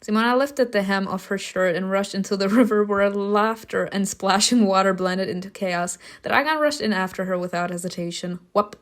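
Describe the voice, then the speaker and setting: A woman reading a story game's narration aloud, breaking off for loud, laughing reactions and casual swearing. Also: mid-range voice, normal speed, few pauses. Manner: reads narration evenly, bursts into loud laughing outbursts. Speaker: streamer reacting to a story game.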